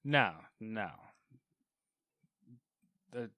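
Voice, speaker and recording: A man's voice: lowish voice, animated, very slow, pushed and bright, no room sound, studio quality. Rambling podcast host, a man. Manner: rambling, trails off into mumbles. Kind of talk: casual chat.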